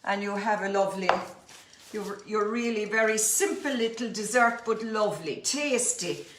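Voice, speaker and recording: A woman's voice: mid-range voice, moderate pace, a bit bright, slight background noise. A middle-aged Irish woman giving a homely, chatty cooking demonstration in her kitchen, often calling her viewers folks. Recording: echoey kitchen with faint clatter. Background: clinking dishes and cutlery.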